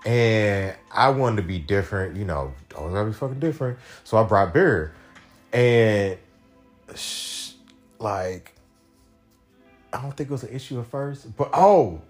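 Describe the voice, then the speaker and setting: A young podcast host delivers a casual monologue, telling a rambling, profane story. He leans on fillers and acts out quotes with big pitch jumps.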